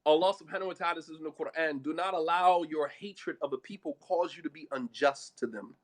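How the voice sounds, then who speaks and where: A man gives a religious talk about marriage, emphatic and blunt, switching between casual street language and Arabic phrases. This Islamic speaker has a fairly high voice and talks fairly quickly.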